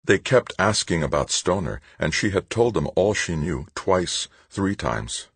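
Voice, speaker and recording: A man reading an audiobook in steady, measured scripted narration. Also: sits low, vocal fry, slightly rough, no echo.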